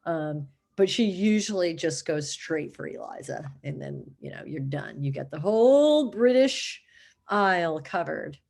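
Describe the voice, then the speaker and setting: A woman with a slightly low voice chats casually to the camera. She rambles from one tangent to the next, mocks herself and laughs often, now and then dropping into a joking put-on accent. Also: expressive, measured pace, creaky, a little mellow. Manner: rambling, playful, self-mocking, laughs often; dips into put-on accents for fun. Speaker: vlogger.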